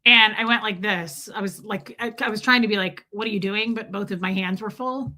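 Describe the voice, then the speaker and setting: A woman's voice: mid-range voice, fairly quick, sharp tone. A woman hosting a live stream from home, telling a story to her chat in a chatty, blunt way and swearing freely.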